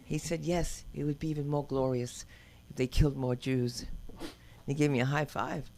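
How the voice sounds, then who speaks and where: A woman's voice: deep voice, fairly even intonation, moderate pace, darkish tone, a little hiss or hum. An older woman doing open-mic stand-up, telling brash, rambling stories and acting out quotes. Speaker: stand-up comedian. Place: comedy club stage.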